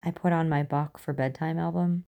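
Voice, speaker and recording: A woman's voice: low-pitched, steady tone, moderate pace, vocal fry, mellow. A woman reading the part of a tired, sleepless female FBI agent, speaking in a weary, clipped and self-conscious way.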